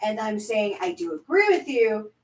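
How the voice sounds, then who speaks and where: A woman's voice: a little high, expressive, moderate pace. A woman chatting casually and bluntly with frequent swearing while nursing a headache. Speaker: co-host. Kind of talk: casual reaction chat. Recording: echoey room, far from mic.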